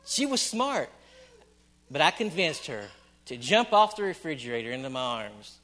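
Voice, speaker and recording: A middle-aged man preaching a sermon, repeating phrases for emphasis and swinging between loud and hushed delivery. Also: on the high side, sing-song, moderate pace, faint music behind. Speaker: pastor.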